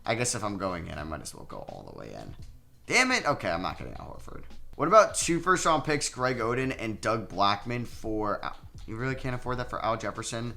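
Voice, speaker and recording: A young man giving casual commentary over a basketball video game, recapping scores and getting loudly frustrated at his own play. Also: on the low side, fairly quick, gravelly, soft background music. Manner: excitable, self-deprecating, swings between flat recaps and loud outbursts. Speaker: gaming YouTuber.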